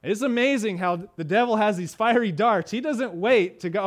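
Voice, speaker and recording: High-voiced man preaching a conversational sermon. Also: expressive, moderate pace, hardly any pauses. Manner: conversational preaching with rhetorical questions to the congregation; acts out little voices and drops low for emphasis.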